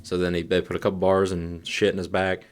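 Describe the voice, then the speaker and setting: A man in his thirties, a podcast co-host telling profane, animated family stories in casual chat. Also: low voice, quick pace. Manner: profane, animated storyteller acting out voices.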